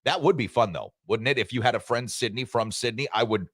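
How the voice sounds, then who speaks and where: A man's voice: medium pitch, brisk, a bit bright, no echo. A man hosting a sports radio show in casual, joking chat, rambling and reading listener messages.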